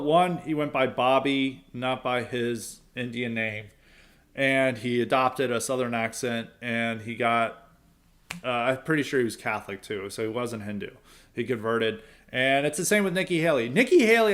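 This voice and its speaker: A man hosting a podcast, talking in a casual, opinionated commentary style. He rambles through thoughts with frequent asides and chuckles, at an ordinary middle pitch for a man. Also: moderate pace, fairly bright tone. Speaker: podcast host.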